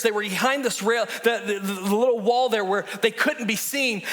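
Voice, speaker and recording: High-voiced pastor in a reverberant church. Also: male voice, normal speed, hardly any pauses. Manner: animated storytelling with repeated words and sudden hushed drops. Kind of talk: sermon. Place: church sanctuary. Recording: long reverb of a large hall.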